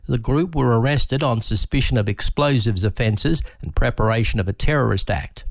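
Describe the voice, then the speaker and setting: A man reading a radio news bulletin with a steady, formal delivery. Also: mid-range voice, moderate pace, creaky, dry recording, clean studio sound. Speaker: newsreader.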